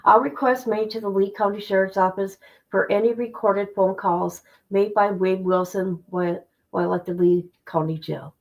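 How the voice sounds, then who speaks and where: A woman hosting a casual livestream in a voice of middling pitch. She greets her viewers by name, then reads a court filing aloud and breaks off with chatty asides. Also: fairly even intonation, moderate pace, creaky, poor audio. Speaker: livestream host. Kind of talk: casual livestream chat and document reading.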